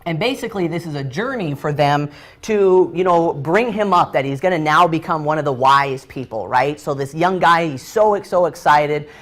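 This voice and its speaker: A man's voice: on the high side, animated, moderate pace, fairly bright tone. A man leading a training session, telling a story freestyle while drawing, loose and chatty with many fillers and restarts.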